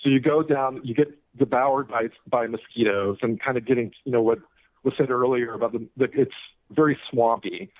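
A man who is a guest author talks casually, rambling with many fillers and restarts. His voice is mid-pitched. It comes through thin, phone-like radio audio with no room sound. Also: steady tone, moderate pace, no room sound. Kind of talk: casual interview talk.

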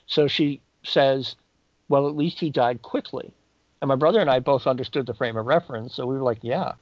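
A man telling a personal story in a halting, reflective way, jumping up in pitch when he quotes people. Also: no room sound. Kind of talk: personal anecdote. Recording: dull lo-fi dry recording.

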